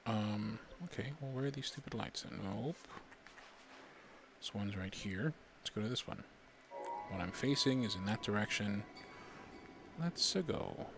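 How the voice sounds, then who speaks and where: A man casually commenting on his gameplay, muttering to himself as he puzzles things out, with sudden excited outbursts. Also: fairly low pitch, unhurried, creaky, long pauses, over music. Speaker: gaming streamer. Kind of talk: casual let's-play commentary.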